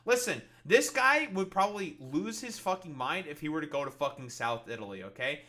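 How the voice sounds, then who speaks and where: A man's voice: on the high side, very animated, normal speed, few pauses, sharp tone. A man hosting a casual reaction show, mocking a video in a profane rant. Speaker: podcast host reacting to videos.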